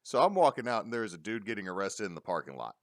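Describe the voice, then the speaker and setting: Deep-voiced man telling stories. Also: quick pace, no echo, studio quality. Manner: animated storyteller, acts out quotes. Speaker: podcast co-host. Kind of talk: casual chat.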